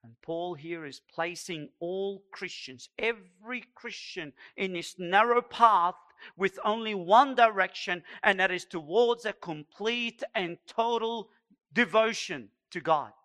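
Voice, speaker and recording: A man's voice: high voice, pushed and bright. A man preaching a sermon, pleading and emphatic, stretching out key phrases. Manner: pleading, emphatic preaching with slow drawn-out stresses. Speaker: pastor.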